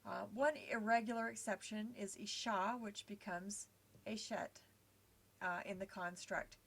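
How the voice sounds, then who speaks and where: A woman teaching a recorded slide lesson at an ordinary pitch. She explains patiently and step by step. Small fillers dot her speech as she walks through each example. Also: fairly even intonation, unhurried, a bit bright, husky.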